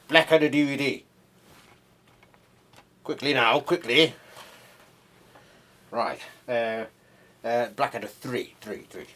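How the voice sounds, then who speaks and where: A man's voice: lowish voice, slightly rough, full character voice. A man voicing a fussy, pompous male surgeon who barks orders in a flustered way. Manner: bossy, flustered, barking orders. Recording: loud music under voice.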